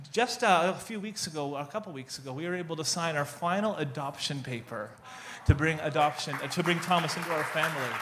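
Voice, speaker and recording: A man in his thirties, a guest speaker at a church, telling family stories in an animated way with many restarts. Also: high-pitched, a little hiss or hum. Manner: animated storytelling with frequent restarts. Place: church gathering.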